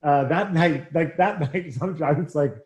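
A man's voice: a little high, normal speed. A middle-aged man, a former hockey player, telling casual anecdotes in an interview and acting out the quotes. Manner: animated anecdotes, acts out quotes. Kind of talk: casual storytelling.

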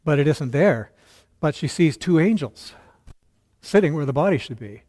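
A man's voice: on the high side, lively intonation, normal speed, darkish tone. A male pastor preaching a sermon, retelling a story earnestly with quoted dialogue and occasional stumbles.

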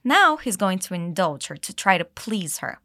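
A woman teaching English, explaining dialogue lines and modeling them slowly for learners to repeat. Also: fairly low pitch, very animated, bright, forceful tone, dry recording, studio quality. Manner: clear, slow modeling of phrases with exaggerated intonation. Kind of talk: English lesson with repeat-after-me drills.

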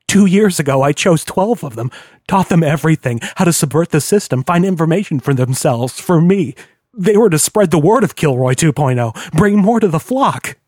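A man's voice: a little high, expressive, moderate pace, a little mellow, no echo, studio quality. A man doing a jittery, intense clone hacker.

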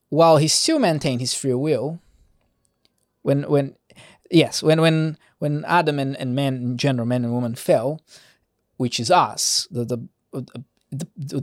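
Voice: medium pitch, a little mellow, no room sound, clean studio sound. A Bible teacher giving a casual Bible study, reading scripture aloud and adding light-hearted, conversational commentary with frequent restarts.

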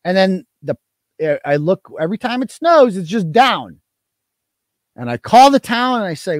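A man's voice: high voice, very animated, moderate pace, dry recording, clean studio sound. A man hosting a live stream, talking in a casual, profane, mocking and rambling way. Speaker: host.

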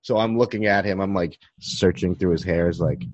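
Very deep-voiced, laid-back dad host. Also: male voice, normal speed, few pauses, a little mellow, no echo, lo-fi sound. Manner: laid-back, rambling, chuckling. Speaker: podcast host. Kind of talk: casual chat.

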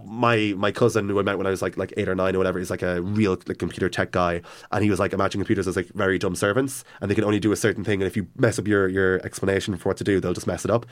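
A man's voice: low voice, flat delivery, racing, few pauses. A man in casual chat, retelling stories with enthusiasm and plenty of fillers and restarts.

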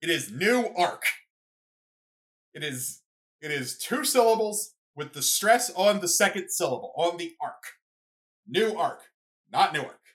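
A young adult podcast host in a casual solo rant, rambling and excitable, with lots of "like" and "you know". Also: mid-range voice, moderate pace. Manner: rambling, filler-heavy, excitable.

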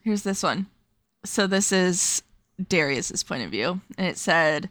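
A woman co-hosting a casual book podcast, reading passages aloud quickly and laughing as she talks. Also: fairly low pitch, animated, a bit bright, dry recording. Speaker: podcast co-host.

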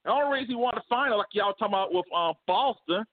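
High-pitched man, sports talk co-host, lively and slangy, heard over a phone-like call. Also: rapid-fire. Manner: animated, laughs often, slangy. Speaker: podcast co-host. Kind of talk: casual sports debate. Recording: phone-like remote call audio.

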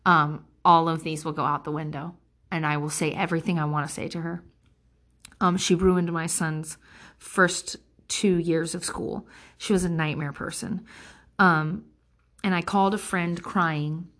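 A woman's voice: on the low side, measured pace, a bit bright. A woman in her thirties in a candid, rambling personal monologue, blunt and emotionally intense, swearing freely. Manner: rambling with many fillers and restarts. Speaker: vlogger.

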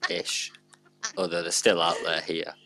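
A man's voice: low-pitched, level tone, measured pace, bright, forceful tone. A British man hosting a casual podcast chat, cheeky and laughing, swearing freely. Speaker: podcast host.

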